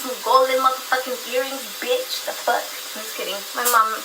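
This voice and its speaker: A woman's voice: high-pitched, little pitch movement, normal speed. A young Mexican American woman ranting casually and profanely on her vlog. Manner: brash and profane, swears freely. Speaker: vlogger. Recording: clip with clear background noise.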